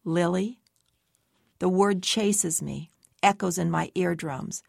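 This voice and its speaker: A woman's voice: on the low side, measured pace, gravelly, breathy edge, dry recording, clean studio sound. A woman giving tense, anxious first-person story narration as an audiobook narrator.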